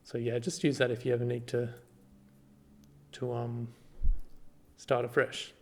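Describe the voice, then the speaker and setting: Man talking through a tutorial. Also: mid-range voice. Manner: relaxed, halting, many ums and restarts. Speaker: party volunteer giving a tutorial. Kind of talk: casual screen-recorded tutorial.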